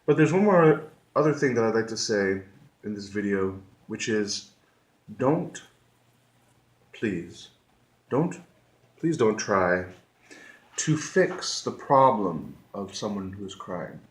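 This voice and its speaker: Earnest male vlogger, unhurried and emphatic, mid-pitched, roomy echo. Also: animated. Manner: slow, earnest, with emphatic repetitions. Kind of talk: reflective talk to camera.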